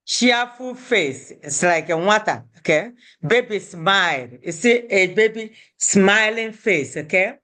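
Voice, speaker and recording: A woman teaches beginners at a slow, unhurried pace. Her pitch rises and falls in a lively, sing-song way as she repeats each word. She breaks the longer words into syllables so the class can follow. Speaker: language teacher. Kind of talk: beginner language lesson.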